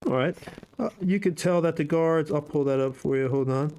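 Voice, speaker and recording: A man's voice: a little high, moderate pace, smooth. Easygoing male game master. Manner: relaxed, hesitant, lots of fillers. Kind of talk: running a tabletop game online.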